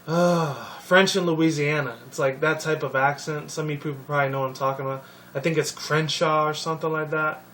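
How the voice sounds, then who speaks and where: A young man rambling casually about a video game series, swearing often and filling pauses with ums and likes. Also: on the high side, steady tone, a bit bright. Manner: profane, rambling, many fillers. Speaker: video commentator. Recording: distant mic with faint noise.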